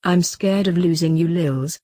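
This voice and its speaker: A devoted, cheeky young husband in a storybook, as a woman reads him. He speaks gently and tenderly. The sound is close and dry. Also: lowish voice, unhurried, dry recording.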